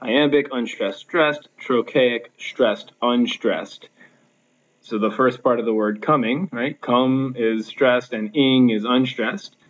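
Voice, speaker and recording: A male teacher records a slideshow lecture at home, his pitch sitting in the middle range. He explains patiently, with plenty of fillers and restarts. The laptop mic gives a slightly dull, muffled sound. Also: takes it slowly.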